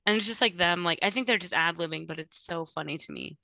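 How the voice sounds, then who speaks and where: A woman's voice: on the low side, quick pace, gravelly, sharp tone, dry recording, dull audio. A woman guest on a podcast, chatting casually and rambling with lots of "like". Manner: rambling, full of "like". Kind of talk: casual chat.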